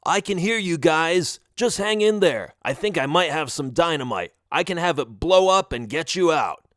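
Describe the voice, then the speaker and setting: A man's voice: fairly high pitch, lively intonation, moderate pace, a bit bright, dry recording, clean studio sound. A man voicing an eager young miner friend. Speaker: audiobook reader. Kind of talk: audiobook character voice.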